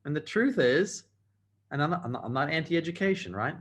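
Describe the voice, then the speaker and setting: A man's voice: a little high, lively intonation, normal speed, a bit bright. A man giving a motivational training talk over a video call, emphatic and repeating phrases for effect. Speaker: motivational speaker.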